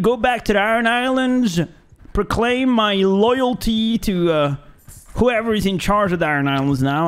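A man, not an English speaker, commenting on his own gameplay, taunting enemies playfully and yelling out in fights. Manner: playful trash talk at enemies; bursts into high shouts during fights. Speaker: gaming YouTuber. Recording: game music playing behind.

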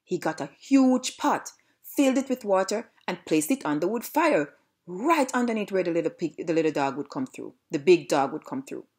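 A woman's voice: fairly low pitch, normal speed, husky. A woman with a Jamaican accent reading a storybook aloud. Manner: lively read-aloud narration.

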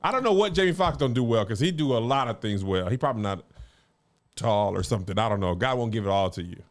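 Animated, joking man co-hosting a podcast. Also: on the low side, fast talker. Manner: animated, joking, playful riffing. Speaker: podcast co-host. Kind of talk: casual comedic chat.

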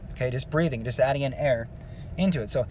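A man giving a casual singing lesson, explaining vocal technique in a relaxed, rambling way with many fillers. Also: medium pitch, quick pace, slight background noise. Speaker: vocal coach.

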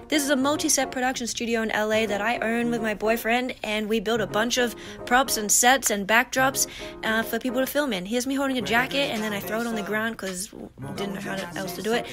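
A woman's voice: on the high side, brisk, over music. Chatty Australian woman. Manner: chatty, joking, slang-heavy. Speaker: TikTok creator and studio owner. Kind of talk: casual self-filmed vlog.

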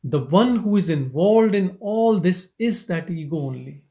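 A man gives a slow, reflective spiritual talk to a gathering. His voice sits on the high side, and he speaks very unhurriedly, pausing between questions. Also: animated, warm tone. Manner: slow, questioning, with long pauses. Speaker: spiritual teacher leading satsang. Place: meditation centre hall.

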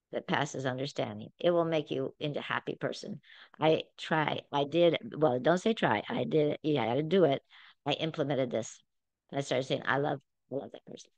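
Woman Bible study teacher, lowish voice, dry close sound, earnest and emphatic, talks like a casual sermon. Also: no echo. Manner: earnest, emphatic, conversational preaching.

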